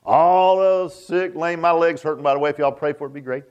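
A man's voice: a little high, a little fast, a little mellow, smooth, highs cut off. A man preaching a sermon, folksy and joking, often asking the congregation questions. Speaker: pastor.

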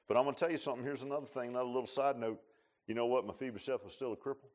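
A male pastor preaching a sermon, repeating himself and swinging from quiet, confiding lines to loud, fervent peaks. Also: medium pitch, fairly even intonation, racing. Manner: repeats words and restarts, folksy asides.

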